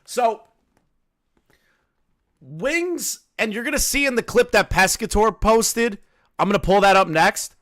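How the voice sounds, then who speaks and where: A man's voice: high-pitched, fairly bright tone. A man commenting casually on a clip and telling stories, loose and profane, laughing often. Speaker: commentary streamer.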